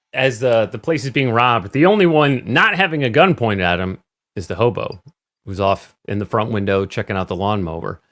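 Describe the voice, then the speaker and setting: A man's voice: on the low side, fairly bright tone. A man co-hosting a casual movie discussion podcast, retelling scenes with quoted voices and frequent laughter. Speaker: podcast co-host.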